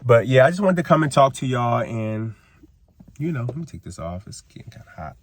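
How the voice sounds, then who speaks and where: A man of middle pitch chats loosely through a TV episode recap, circling back on himself and filling gaps with "like" and "you know." His voice is recorded close and dry, with no room sound around it. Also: very animated, brisk, dry recording. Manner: rambling, heavy on "like" and "you know". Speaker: TV recap vlogger. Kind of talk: casual reality-TV recap rant. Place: outdoors. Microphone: camera he is holding or propping up.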